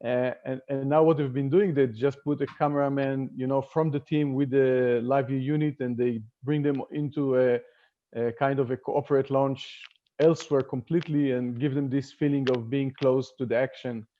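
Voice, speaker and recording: A man talks through a webinar panel discussion, stopping often to restart his sentences and fill the gaps. His voice sits at a middle pitch. The audio is dull and lo-fi, like a remote video call. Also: fairly even intonation. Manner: halting, many fillers and restarts. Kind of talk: casual panel talk.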